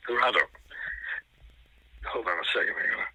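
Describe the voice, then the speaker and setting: A man talking as a film critic guest in a casual film discussion, thoughtful and analytical, pausing often to find his words. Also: on the low side, bright, forceful tone, no room sound, rough recording.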